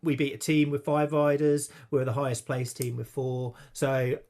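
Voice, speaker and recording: A man's voice: mid-range voice, steady tone, moderate pace, a little mellow. A man co-hosting a podcast in casual chat, chatty and self-deprecating, often restarting his sentences. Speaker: podcast co-host.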